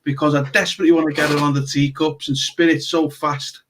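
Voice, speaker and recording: A man's voice: on the high side, level tone, very noisy. Chatty Scouse male podcast host. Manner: chatty, quick to joke and laugh. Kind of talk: casual chat.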